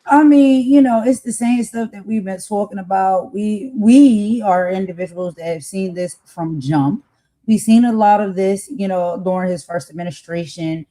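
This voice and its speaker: Mellow-voiced woman, slangy political talk. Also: medium pitch, moderate pace, low-quality recording. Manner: conversational, emphatic, slangy. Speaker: co-host of a political talk show. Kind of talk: casual political commentary.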